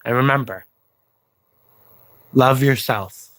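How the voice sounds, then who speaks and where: An earnest man addresses his video viewers at an unhurried, halting pace, pausing often and filling gaps with "um". His voice sits at an ordinary middle pitch. The sound is dry and close, with no room around it. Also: steady tone, a bit bright, dry recording. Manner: slow, halting delivery with pauses and fillers; encouraging, plain-spoken. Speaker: YouTube vlogger. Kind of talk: slow earnest personal appeal to viewers.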